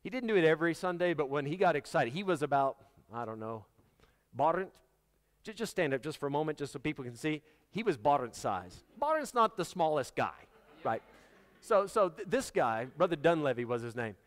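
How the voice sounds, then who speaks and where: A man preaching in a church, his voice sitting a little high for a man and trailing a long reverb through the hall. He talks in a loose, conversational way and jokes with the people in the pews. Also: sing-song, fairly quick. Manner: conversational, joking with the congregation. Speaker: pastor. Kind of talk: sermon. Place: church sanctuary.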